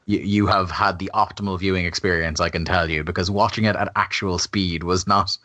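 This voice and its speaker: A man hosting a casual podcast, quick teasing banter and frequent laughs. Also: low-pitched, fairly even intonation, pushed and bright, no echo. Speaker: podcast host.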